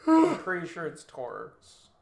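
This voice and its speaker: A man's voice: on the high side, wildly swooping pitch, measured pace, vocal fry. A man co-hosting a podcast, telling stories in a chatty way and laughing often. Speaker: podcast co-host. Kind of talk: casual chat. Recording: echoey room.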